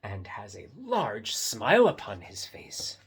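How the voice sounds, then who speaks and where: A man reading a picture book aloud to children, gently explaining what is on each page. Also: fairly low pitch, wildly swooping pitch, slow pace, a little hiss or hum. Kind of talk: read-aloud storytime for kids.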